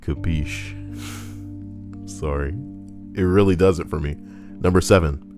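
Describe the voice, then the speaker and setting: A man's voice: sits low, steady tone, brisk, darkish tone, faint music behind. A young man reading Reddit posts and riffing on them in a crude, joking, rambling way. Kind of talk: casual commentary.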